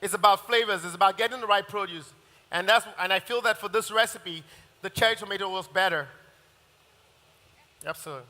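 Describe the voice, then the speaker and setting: Male chef, live demo, upbeat, high and bright, reverberant hall. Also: a little fast, pauses often. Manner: enthusiastic, talks while cooking. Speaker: chef giving a cooking demonstration. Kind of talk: live cooking demonstration. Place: large hall at a live event.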